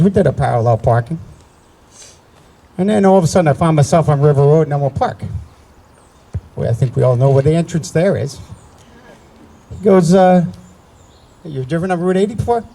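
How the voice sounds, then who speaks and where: A man in his sixties from New Jersey speaks at an outdoor memorial ceremony. His voice is gravelly and mellow. He tells family stories casually and often restarts his sentences. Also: fairly high pitch, normal speed, poor audio. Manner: anecdotal, conversational, with frequent restarts. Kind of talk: personal storytelling speech.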